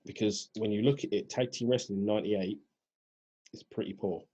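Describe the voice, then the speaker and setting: A man co-hosting a podcast, recapping events in a laid-back, casual way with a husky voice. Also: on the low side, steady tone, a little fast, mellow. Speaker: podcast co-host. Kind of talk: casual chat. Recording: dull lo-fi podcast audio.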